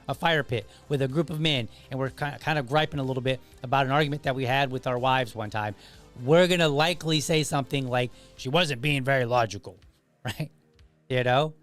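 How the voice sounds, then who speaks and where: Talking through listener comments on his podcast, this host has a slightly high, somewhat bright voice. The solo commentary is casual and rambling, with plenty of restarts and side remarks.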